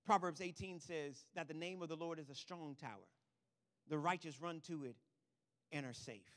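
A male pastor preaching a sermon, swinging from quiet asides to loud, emphatic declarations and checking in with the congregation. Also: on the high side, moderate pace, long reverb tail.

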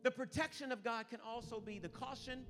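A man preaching an animated sermon as pastor, swinging between loud outbursts and hushed lines. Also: very high-pitched, a little fast, music in the background.

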